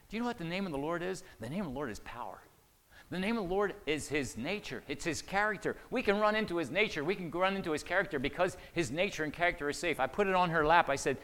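A man's voice: on the high side, animated, fast talker. Man preaching in a reverberant hall. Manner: swings between hushed asides and loud emphatic preaching. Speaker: pastor. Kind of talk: sermon with storytelling. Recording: long reverb of a large hall.

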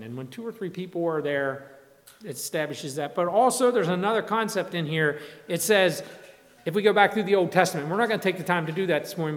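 A man's voice: a little high, a bit bright. Man preaching in a reverberant hall. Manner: conversational preaching with frequent restarts and acted-out quotes. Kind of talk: sermon.

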